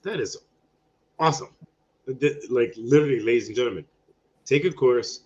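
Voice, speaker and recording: A man's voice: moderate pace, darkish tone, dull audio. A man hosting a livestream, hyping products to the audience over a video call. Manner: hyped salesman pitch. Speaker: stream host.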